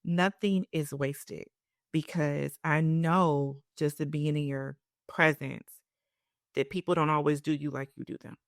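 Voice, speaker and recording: A woman's voice: low voice, level tone, unhurried, dry recording, clean studio sound. A woman hosting a podcast, speaking in an emotional, encouraging, almost preacherly way. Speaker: podcast host. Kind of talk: heartfelt podcast conversation.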